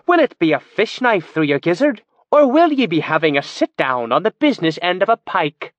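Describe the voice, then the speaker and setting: Storybook female mimic doing a jovial pirate, thick burr, higher pitch; male reader. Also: very animated, normal speed, no echo, muffled recording. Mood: cheery menace. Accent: thick North Isle Moonshay burr. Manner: jovial, cheery menace. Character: young woman mimic performing a crusty pirate impression.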